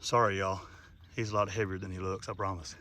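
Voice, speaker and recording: A man's voice: low-pitched, little pitch movement, fairly quick, bright, forceful tone. A middle-aged man hosting a casual nature vlog outdoors by a pond, talking in a folksy, rambling way. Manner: folksy, chatty, rambling with fillers. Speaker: channel host.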